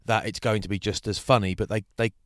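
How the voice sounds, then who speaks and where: A man co-hosting a casual chat, telling anecdotes in an animated way and mimicking other people. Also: lowish voice, fast talker, dry recording, studio quality. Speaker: podcast co-host.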